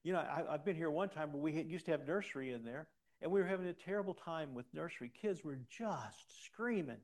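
Guy preaching a sermon, gravelly voice, punchy and repeats himself. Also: a little high, animated, brisk, darkish tone. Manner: emphatic, exhorting, repeats phrases. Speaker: pastor.

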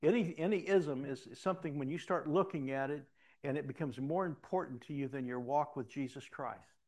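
A man's voice: a little high, a little fast, darkish tone. An older man, a pastor, preaching a sermon in a conversational storytelling way with frequent restarts.

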